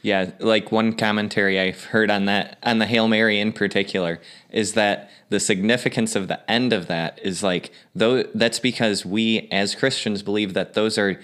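Earnest low-voiced man reflecting. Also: steady tone, normal speed, hardly any pauses, fairly bright tone. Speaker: podcast co-host. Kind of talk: casual faith discussion.

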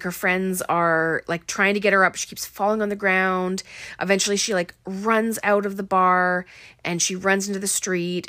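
A woman's voice: medium pitch, a bit bright, no echo, clean studio sound. A young woman casually recapping a film, chatty and full of fillers.

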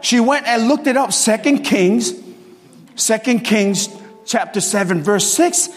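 A man preaching a sermon in a church, telling stories with lively energy and bursts of shouting. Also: high-pitched, unhurried, in a large hall.

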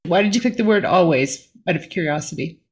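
A woman's voice: on the low side, lively intonation, brisk, breathy edge. A woman interviewer reacting briefly and asking a curious follow-up question. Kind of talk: casual interview.

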